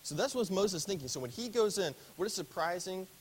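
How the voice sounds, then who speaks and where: A man leading a casual Bible study, talking through the text with his class and stopping often to ask them questions. His voice sits a little higher than most men's and swings up and down with lively emphasis. A faint hiss runs under the recording. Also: brisk, poor audio. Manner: conversational, asks the class questions.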